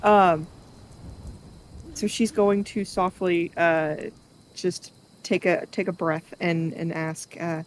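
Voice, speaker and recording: A woman playing a tabletop game, describing her character slowly and hesitantly. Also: fairly low pitch, fairly even intonation, slight background noise, poor audio. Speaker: player. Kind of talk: tabletop role-play.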